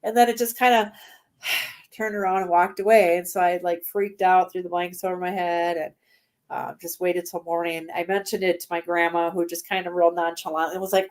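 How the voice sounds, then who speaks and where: A woman's voice: lowish voice, flat delivery, brisk. A woman in her forties, a guest on an interview show, talking casually with lots of fillers and frequent laughs. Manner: chatty, laughs often, many fillers.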